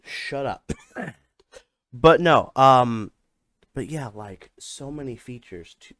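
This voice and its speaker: A man's voice: medium pitch, lively intonation, slow, a bit bright, no room sound. Young man, podcast co-host, rambling, casual, dry close mic. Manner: rambling, lots of fillers and restarts. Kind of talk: casual chat.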